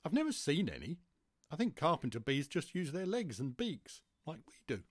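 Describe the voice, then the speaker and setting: A man's voice: on the high side, huge pitch swings, moderate pace, no room sound, clean studio sound, pitched above the performer's own voice. A man voicing a small, fussy and nervous boy insect in a storybook.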